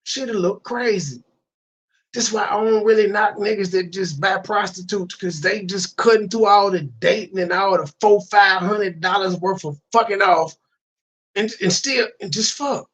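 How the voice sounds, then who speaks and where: A man's voice: high-pitched, a little slow, fairly bright tone. A man hosting a reaction commentary, ranting with profane disbelief. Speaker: commentary channel host.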